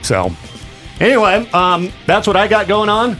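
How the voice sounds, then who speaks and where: A man hosting a casual radio show, chatty and quick to laugh, with a sore back. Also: high voice, lively intonation, fairly bright tone, soft background music. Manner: chatty, laughs often, slips into mock voices. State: sore back after vomiting. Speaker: radio host.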